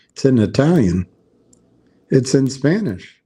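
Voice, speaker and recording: A man hosting a livestream, talking in a rambling, halting way with many restarts. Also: mid-range voice, a little mellow, husky. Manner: halting, meandering, frequent restarts. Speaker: livestream host. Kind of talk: rambling casual livestream talk.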